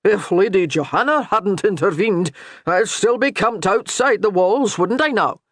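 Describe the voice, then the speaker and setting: A man voicing a dour, mocking Highland priest with a thick Scottish brogue in an audiobook. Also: a little slow, a bit bright, no room sound, clean studio sound. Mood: baiting.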